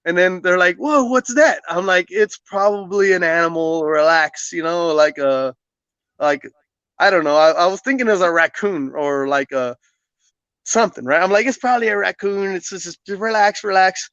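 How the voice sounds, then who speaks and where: A man who is a podcast guest, casually telling a personal story in an animated way, often laughing and acting out what people said. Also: sits high, normal speed, smooth, no echo, highs cut off.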